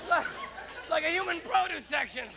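A man's voice: extremely high pitch, lively intonation, fairly quick, creaky. A man doing a live stand-up set on stage, veering from strained yelps to mumbled asides. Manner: yelping, strained outbursts between mumbled asides. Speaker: stand-up comedian. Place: stage in front of a live audience. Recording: noisy VHS concert recording with crowd. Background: audience laughter and crowd noise.

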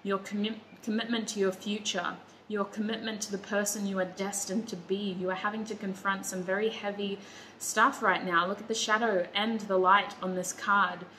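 Woman tarot reader, emotional, affirming, clear bright voice, faint room noise. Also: mid-range voice, flat delivery, normal speed, rough recording. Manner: warm, emotional and reassuring, near tears. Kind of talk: pick-a-card tarot reading.

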